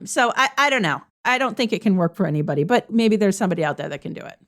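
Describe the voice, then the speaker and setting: A woman co-hosting a podcast, talking in an exasperated, excitable way. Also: medium pitch, racing. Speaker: podcast co-host. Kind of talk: casual review chat.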